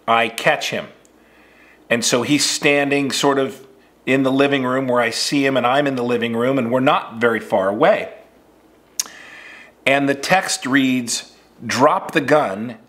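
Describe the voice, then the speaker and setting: A man's voice: medium pitch, a little slow. Male acting coach, easygoing storyteller with a mid-range voice. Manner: relaxed, conversational, with frequent fillers. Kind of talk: casual instructional storytelling.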